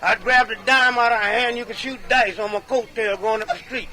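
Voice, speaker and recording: A man with a very high, sharp voice spins comic tall tales the way a medicine show comedian would. He drawls in a folksy way and chuckles between punchlines. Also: fairly even intonation, a little fast, rough recording. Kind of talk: comic tall-tale storytelling.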